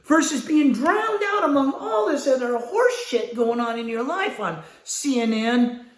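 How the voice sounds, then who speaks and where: A man teaching a sales class, blunt and profane, acting out his pitch dialogue. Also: animated, a little slow, echoey room. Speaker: sales trainer.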